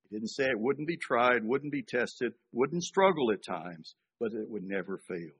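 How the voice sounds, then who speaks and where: An older man from Georgia delivers a sermon in a husky voice. His pitch swings widely, from low and quiet to high and emphatic. He talks to the congregation like a conversation, with dramatic pauses. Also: lively intonation, lo-fi sound. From Georgia, USA. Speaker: pastor.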